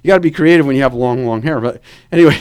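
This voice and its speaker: A man preaching a sermon, telling stories in an animated way and asking the congregation to say amen. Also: mid-range voice, rapid-fire, clear, resonant tone. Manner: animated storytelling with calls for amen.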